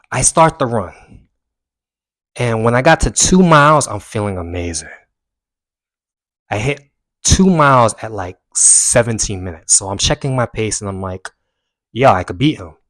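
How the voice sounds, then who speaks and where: A young man earnestly recounting a personal story to camera, rising with emphasis and dropping quiet when he reflects. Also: medium pitch, very animated, normal speed, pauses often, dry recording. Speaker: self-help vlogger.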